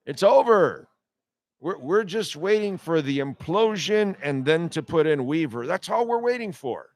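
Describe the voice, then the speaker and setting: A man's voice: on the high side, expressive, moderate pace, a little mellow, no echo. A man hosting a sports radio show, ranting bluntly and profanely in a heated, repetitive monologue.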